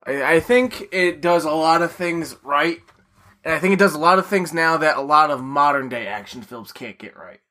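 A man's voice: a little high, moderate pace, pushed and bright. A man co-hosting a podcast, giving thoughtful opinions in casual chat. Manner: thoughtful, opinionated film talk. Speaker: podcast co-host.

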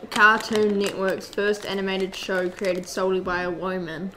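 A woman co-hosting a casual podcast in a mid-pitched voice, reading her notes aloud haltingly. She pauses on ums and corrects herself, and a faint hiss sits under the recording. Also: little pitch movement, bright, forceful tone, poor audio. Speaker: podcast co-host.

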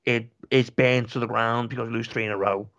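A man's voice: medium pitch, little pitch movement, fairly quick, fairly bright tone, no echo, studio quality. A man co-hosting a football podcast, chatting casually in a sarcastic, ranting way and often repeating words as he starts a sentence. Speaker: podcast co-host. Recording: slightly dull lo-fi mic.

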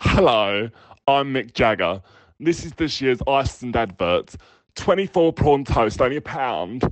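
Comic impression: man as a rock star reading bargain prices, dry close sound, deadpan. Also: mid-range voice, a little slow, no room sound. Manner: flat listing of deals.

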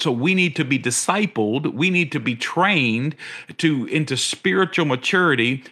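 A middle-aged man preaching a sermon as a pastor, earnest, often repeating his words and rising in pitch when he asks questions. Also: pushed and bright.

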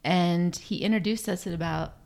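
A young woman from Idaho chatting casually as a podcast guest, lively and chatty. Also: fairly low pitch, normal speed, creaky. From Idaho, USA. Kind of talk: casual chat.

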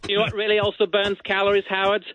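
Impression caller: man voicing a bright, sneering TV judge, boastful and insulting, over a muffled phone line. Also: sits high, completely flat delivery, quick pace, slight background noise. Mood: taunting. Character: smug, crude British male TV talent judge. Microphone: telephone.

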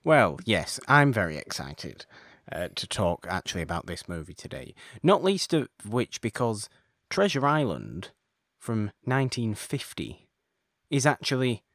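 A man's voice: fairly low pitch, big pitch swings, measured pace, fairly bright tone, dry recording, clean studio sound. A man hosting a casual podcast chat, rambling and correcting himself as he talks, with frequent chuckles. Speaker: podcast host.

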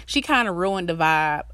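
A woman's voice: fairly low pitch, bright, forceful tone, no room sound. A woman ranting to her viewers with relationship advice, blunt and emphatic, swearing heavily as she tells her own stories. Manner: blunt, emphatic, heavy swearing, storytelling asides. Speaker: vlogger giving relationship advice. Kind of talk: casual profane rant to viewers.

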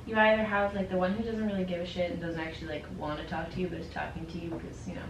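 Young woman, casual chat, animated storyteller, lots of "like", distant mic, roomy room. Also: lowish voice, racing, gravelly, background noise. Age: young adult.

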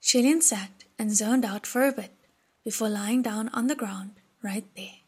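A woman narrating an audiobook chapter in a hushed, breathy reading voice. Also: on the high side, unhurried, faint music behind.

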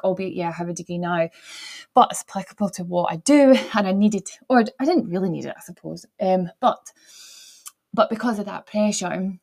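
A woman's voice: on the low side, a little mellow. A young woman with a mild Glaswegian accent, hosting a solo podcast and rambling through her own story with restarts and laughs. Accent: mild Glaswegian Scottish. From Glasgow, Scotland. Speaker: podcast host.

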